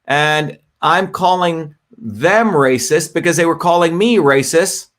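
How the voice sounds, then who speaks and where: A man's voice: fairly high pitch, slow pace, fairly bright tone. Man hosting a casual livestream. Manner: talkative, repeats "okay?" to the audience. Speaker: livestream host.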